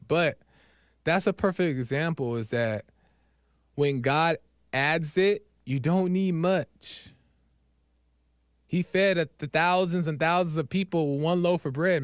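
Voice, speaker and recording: A man's voice: on the high side, smooth, no room sound, clean studio sound. Earnest man telling a faith story. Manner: earnest, animated storytelling with preacher-like repetition. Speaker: podcast host. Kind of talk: personal faith talk.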